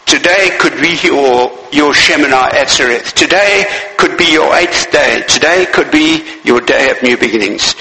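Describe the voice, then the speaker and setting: A man preaching a sermon in a church, his voice bright and forceful and pitched slightly high. He repeats his key phrases and puts questions straight to the listeners. The sound carries a long, echoing reverb. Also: moderate pace, hardly any pauses.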